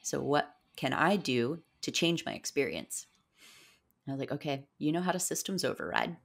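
A young woman with a strikingly low, gravelly voice tells a story as a podcast guest. She talks in a chatty, animated way, full of "um"s and "like"s. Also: moderate pace. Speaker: podcast guest, breathwork facilitator. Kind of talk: casual interview storytelling.

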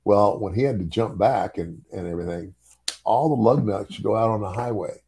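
A man's voice: lowish voice, moderate pace, dark tone, husky. An older man and former wrestler telling a story in casual chat, chuckling often and repeating words as he goes.

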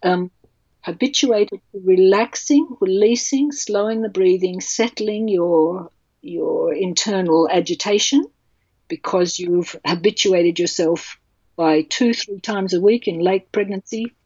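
A woman's voice: mid-range voice, measured pace, mellow, slightly rough, no room sound, highs cut off. A woman, speaking passionately and bluntly as a childbirth educator in an interview. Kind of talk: podcast interview.

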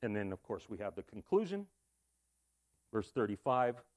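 A man's voice: fairly low pitch, very animated, moderate pace, pauses often, darkish tone. A man preaching a sermon in a casual, conversational way, with asides and rhetorical questions. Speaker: pastor.

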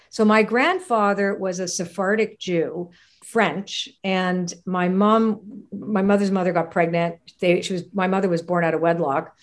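Animated woman telling her life story. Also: lowish voice. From Canada. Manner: animated, laughs often, acts out quoted voices. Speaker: interview guest. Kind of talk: personal storytelling in conversation.

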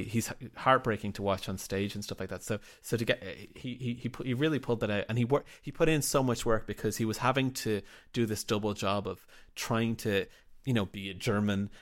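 A man, the writer and director of a drama, answering interview questions in a reflective, rambling way with frequent restarts. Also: lowish voice. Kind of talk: casual interview talk.

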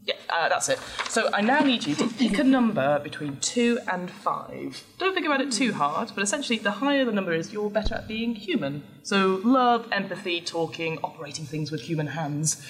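A woman's voice: mid-range voice, lively intonation, moderate pace, hardly any pauses. A woman running a live tabletop role-playing game before an audience, chatty and explaining the rules as she goes. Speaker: game master.

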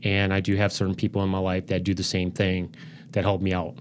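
Lower-voiced man hosting a podcast chat. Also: completely flat delivery, brisk, slight background noise. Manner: earnest, rambling, with many restarts. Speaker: podcast host. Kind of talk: casual interview chat.

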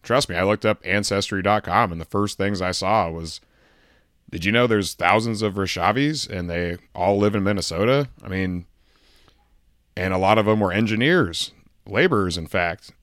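A man with a somewhat low voice delivers a comedic rant, sarcastic and mock-indignant. The recording is dry, with no room sound. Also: normal speed, fairly bright tone, no room sound. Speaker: podcast segment guest.

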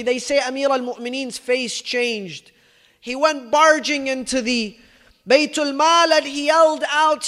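High-voiced man preaching in a reverberant hall. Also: a little slow, pushed and bright. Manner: emphatic storyteller, acting out quoted speech, rich in Arabic phrases. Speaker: religious speaker. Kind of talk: storytelling sermon.

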